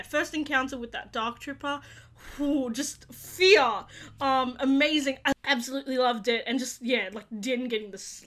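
A young woman with a high, bright voice chats casually through a review. She gushes and rambles, packs her sentences with fillers, and keeps breaking into squeals. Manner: gushing, rambling, full of fillers; bursts into squeals and laughs. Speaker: YouTube reaction host.

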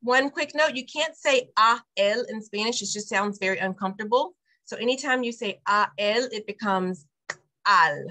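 Woman, bright clear voice, patient step-by-step teacher on a video call. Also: fairly high pitch, moderate pace. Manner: explains step by step, repeats phrases after the teacher. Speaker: preschool director teaching Spanish to parents. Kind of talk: online Spanish lesson for parents.

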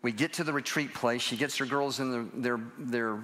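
A man's voice: medium pitch, moderate pace, fairly bright tone. Older man preaching at a live church service, a chatty, self-mocking storyteller with an easy, everyday voice. he tells stories from the pulpit with a joke never far off. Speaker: guest preacher. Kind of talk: humorous sermon storytelling.

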